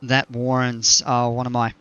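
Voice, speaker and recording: A man thinks aloud as he streams a park-building game, circling back with fillers and self-corrections. His voice is bright and pointed. The recording is a bit dull, with faint music underneath. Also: mid-range voice, completely flat delivery, normal speed, clear, resonant tone. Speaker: gaming streamer. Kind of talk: casual gameplay commentary.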